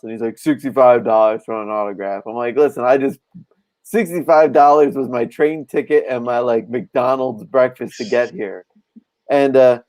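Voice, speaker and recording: A man chatting on a podcast as a comic book artist, telling profane, animated stories. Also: medium pitch. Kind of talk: casual podcast chat.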